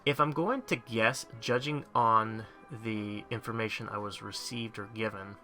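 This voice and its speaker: A man's voice: lowish voice, measured pace, sharp tone, faint music behind. A man hosting a gaming channel, giving a chatty, rambling walkthrough of a mobile game's crafting and thinking aloud as he goes. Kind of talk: casual game guide commentary.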